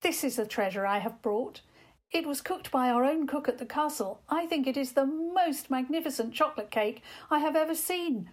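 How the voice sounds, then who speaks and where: A brave young princess addresses a queen politely and earnestly, voiced by a woman reading aloud. Her voice sits a little higher and brighter than the narration. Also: expressive, normal speed.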